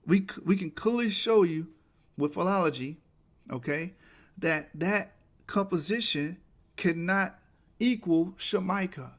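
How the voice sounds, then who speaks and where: A man presenting a lecture over slides, reading quotes aloud and restarting words as he goes, his delivery rising to forceful emphatic peaks. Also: high voice, slow pace.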